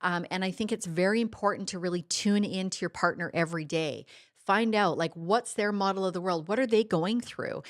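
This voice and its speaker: A woman's voice: on the low side, fairly quick. A middle-aged woman co-hosting a relationship coaching podcast, speaking earnestly with frequent "like" fillers. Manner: earnest, warm-hearted, many "like" fillers. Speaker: co-host, life coach. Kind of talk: casual podcast conversation.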